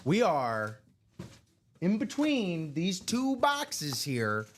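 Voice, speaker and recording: Playful co-host with a wildly swinging voice. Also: male voice, high-pitched, wildly swooping pitch, extremely slow, slight background noise. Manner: playful, joking. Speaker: co-host of live card breaks. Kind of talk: casual live-stream chat.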